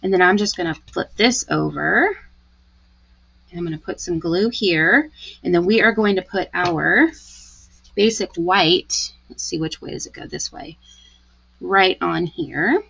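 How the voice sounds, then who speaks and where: A woman's voice: lowish voice, unhurried, vocal fry, long pauses, fairly bright tone, husky, dull audio. A woman giving a live craft tutorial, chatty and gushing as she talks through each step. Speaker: card-making demonstrator.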